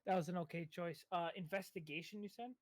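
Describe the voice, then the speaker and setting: A man playing a tabletop game, excitable, laughing often and swearing casually. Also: sits high, fast, no echo. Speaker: player.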